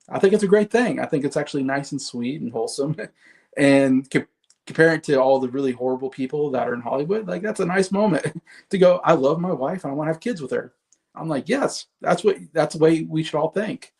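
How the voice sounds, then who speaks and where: A man's voice: on the high side, expressive, quick pace, a little mellow. A man giving a casual solo commentary on movie awards, chatty, with frequent fillers and laughs.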